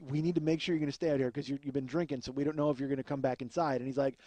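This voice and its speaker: A man's voice: mid-range voice, steady tone, racing, mellow. A man telling a rambling, profane comic story as a podcast host, often laughing at his own tale. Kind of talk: comedic storytelling.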